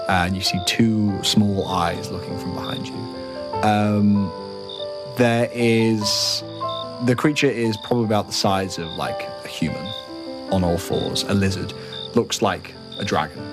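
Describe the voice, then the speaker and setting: Man, game master, low voice, rambling scene descriptions, faint music. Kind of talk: narrating a tabletop game.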